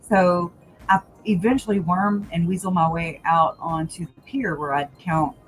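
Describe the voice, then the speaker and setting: A woman's voice: fairly low pitch, fairly even intonation, unhurried, slight background noise, low-quality recording. Laughing woman chatting on a livestream. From Louisiana. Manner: laughs often, says "y'all". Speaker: livestream host. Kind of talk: casual chat.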